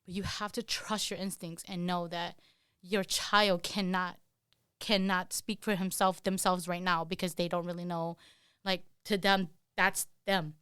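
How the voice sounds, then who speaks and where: A woman's voice: on the low side, level tone, a little slow, bright, forceful tone, clean tone, no room sound, studio quality. A woman who is a parent, speaking candidly and earnestly as a podcast guest, with many "you know" fillers. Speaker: guest, parent of an autistic child. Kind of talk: candid conversational interview.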